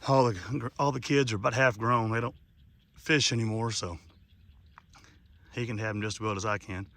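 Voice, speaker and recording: A man's voice: lowish voice, fairly even intonation, moderate pace, gravelly, fairly bright tone. Man, middle-aged, folksy, chatty, casual nature vlog, outdoors by a pond. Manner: folksy, chatty, rambling with fillers. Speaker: channel host.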